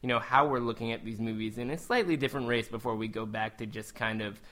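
Bright-voiced male podcast host. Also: medium pitch, quick pace. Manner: thoughtful, conversational, restarts when building a point. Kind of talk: casual podcast chat about films.

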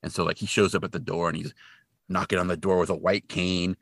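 A man hosting a podcast, casually recapping a movie as an animated storyteller who acts out the characters. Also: deep voice, fairly quick, no room sound. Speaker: podcast host.

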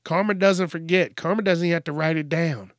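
Man, casual profane rant, higher voice, dry room, animated impressions. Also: a little fast, no room sound. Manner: profane, animated, acts out quoted rude customers. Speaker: podcast host. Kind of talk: casual rambling monologue.

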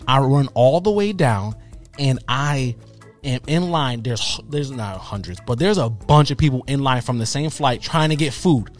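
Podcast dude in his 30s spinning a wild travel story, does all the voices, faint music going underneath. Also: medium pitch. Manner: animated, acts out quotes in his story. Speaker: podcast co-host. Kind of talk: casual storytelling chat.

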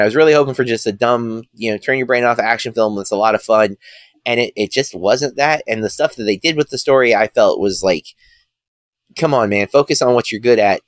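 A man's voice: medium pitch, fairly bright tone, dry recording, studio quality. A man co-hosting a casual film review podcast, rambling and thinking aloud as he goes. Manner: rambling, many fillers and restarts.

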